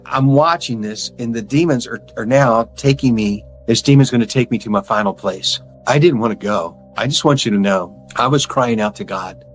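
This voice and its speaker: A man of average pitch tells his own story as an interview guest, earnest and intense. He often restarts and repeats his words as he pushes through. Soft music plays faintly behind him. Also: poor audio. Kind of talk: earnest personal testimony.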